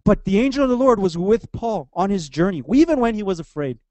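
A man's voice: sits high, lively intonation, a little fast, darkish tone, no echo. A man in his thirties, a pastor giving a chatty sermon, joking and acting out the people in the stories. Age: 30s. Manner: chatty and joking, acts out voices of the story. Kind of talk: casual sermon.

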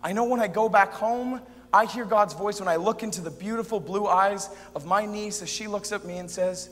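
A man performing a dramatic spoken-word monologue, expressive and shifting between soft and loud. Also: high-pitched, normal speed, few pauses, long reverb tail, a little hiss or hum. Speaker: performer in a youth event drama sketch.

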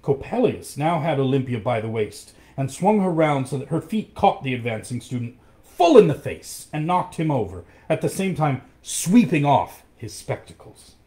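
A man reading a storybook aloud, expressive and acting out each character. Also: medium pitch, normal speed.

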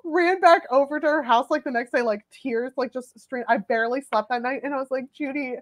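A young adult woman telling funny personal stories in a casual, animated chat, full of "like" fillers. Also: high voice, fairly quick. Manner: chatty, filler-heavy, animated.

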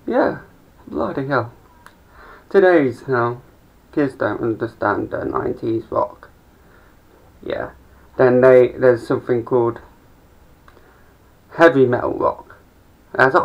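A man's voice: medium pitch, slow pace, creaky, long pauses. A young man rambling through a sweary stand-up monologue with mumbled asides. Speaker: amateur comedian. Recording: dull lo-fi home recording.

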